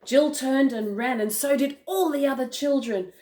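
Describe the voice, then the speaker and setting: An older woman, a grandmother, reading a picture book aloud to a child in a playful, animated way. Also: high-pitched, normal speed. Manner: animated, playful, with gasps and chuckles.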